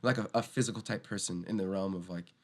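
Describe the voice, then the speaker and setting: A young man, a skateboarder guest on a podcast, telling a story casually and acting out the quoted lines in loud, animated voices. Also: deep voice, fast talker, a little hiss or hum.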